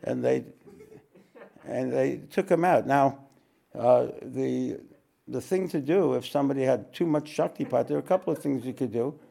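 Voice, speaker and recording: A man teaching a spiritual talk to an audience, unhurried, repeating his phrases and often clearing his throat. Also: medium pitch, mellow.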